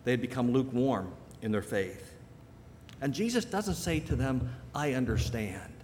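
A man preaching a sermon in a church with long reverb trailing behind each phrase. His voice sits at an average pitch, and he leans into key lines, slowing them down and lifting them for emphasis. A faint low rumble runs underneath. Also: very animated, darkish tone. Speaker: pastor.

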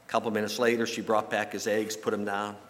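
A man giving a sermon in a church, telling folksy stories and jokes with halting repeats. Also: lowish voice, little pitch movement. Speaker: pastor. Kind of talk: sermon with anecdotes. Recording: long reverb from a large hall.

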